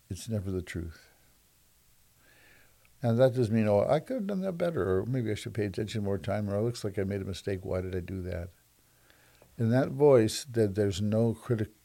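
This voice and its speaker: A man giving a reflective monologue who stops and restarts often and repeats words, slowing down to stress soft points. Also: lowish voice, creaky. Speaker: speaker on self-judgment and kindness.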